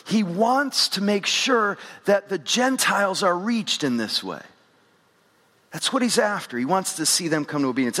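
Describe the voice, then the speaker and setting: A man with a notably high-pitched voice preaches a sermon to a live congregation, turning to the people in the pews with direct questions. His voice rings out with the long reverb of a large hall. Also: fairly bright tone. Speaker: pastor. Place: church sanctuary with congregation.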